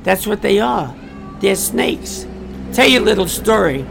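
A man's voice: sits high, animated, a little slow, vocal fry, background noise. A man giving a political commentary monologue, emphatic and repetitive, with rhetorical questions and asides to his listeners.

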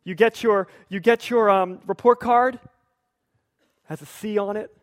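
A pastor preaching a sermon in a conversational, lightly humorous storytelling manner. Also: male voice, sits high, steady tone, measured pace, no room sound, clean studio sound.

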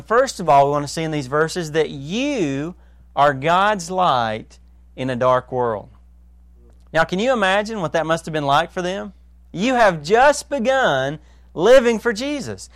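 Pastor, man, high voice, dry close sound; earnest sermon, hushed to emphatic, asks the listeners questions. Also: no echo.

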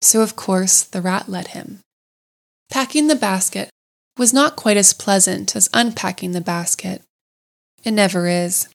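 A woman reading a classic storybook aloud in a gentle, measured way. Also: medium pitch, vocal fry.

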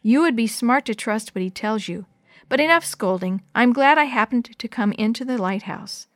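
Woman playing a calm, kind young man. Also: on the high side, moderate pace, dry recording, clean studio sound, close to an everyday voice. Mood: gentle.

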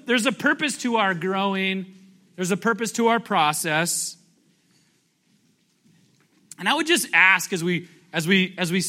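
Sharp in tone and high in pitch, this male pastor preaches conversationally, often questioning his congregation. He jokes around and playfully acts out scripture.

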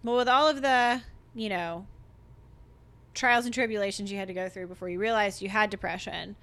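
A woman hosts a podcast interview in a relaxed, conversational way. Her voice is bright and forward, and she drops in frequent fillers and easy laughter as she asks her questions. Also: medium pitch, normal speed. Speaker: podcast host.

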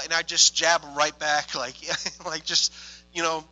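A young adult man, a minister telling testimony stories in an excitable way, moving from hushed tones to loud exclamations. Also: a little high, measured pace, low-quality recording. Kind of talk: testimony storytelling.

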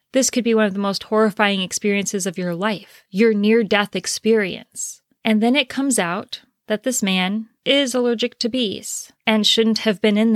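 A woman confidence coach giving an earnest motivational talk, slowing down to stress key phrases. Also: medium pitch, no room sound, studio quality.

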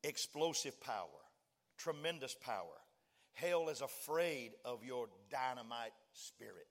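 A man's voice: medium pitch, lively intonation, unhurried. A male preacher delivering a sermon, mixing folksy joking asides to the congregation with rising, fervent declarations. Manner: builds to fervent shouting, acts out dialogue.

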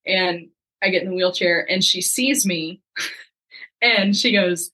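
Bright-voiced young woman telling a story. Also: on the low side, a little slow, rough recording. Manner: lively, acts out quoted dialogue. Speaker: podcast guest. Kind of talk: casual storytelling.

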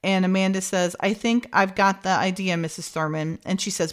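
Animated woman recapping a TV episode. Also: mid-range voice, normal speed, hardly any pauses. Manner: animated, acts out characters' lines with laughs. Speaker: podcast host recapping an episode. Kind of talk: casual chat, retelling scenes.

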